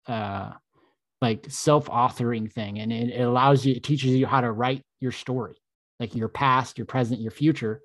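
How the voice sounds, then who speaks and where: A man's voice: medium pitch, dry recording. Laid-back man musing on a podcast. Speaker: podcast co-host and mindset coach. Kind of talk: casual podcast chat.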